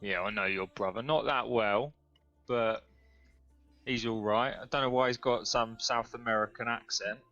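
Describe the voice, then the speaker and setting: A blunt, sweary man at a tabletop game, with a bright, forceful voice. The audio is dull and lo-fi, with faint music behind it. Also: mid-range voice, steady tone, moderate pace, dry recording. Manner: blunt, sweary, laughs often. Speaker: player. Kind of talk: casual tabletop play. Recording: dull lo-fi recording.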